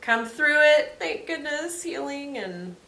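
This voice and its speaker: A woman's voice: sits high, lively intonation, slow, gravelly, bright, forceful tone. A woman co-hosting a casual faith-based chat, reflective and upbeat while recovering from a rib injury. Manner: reflective, upbeat, often laughing. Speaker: podcast co-host. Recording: echoey room, faint hiss.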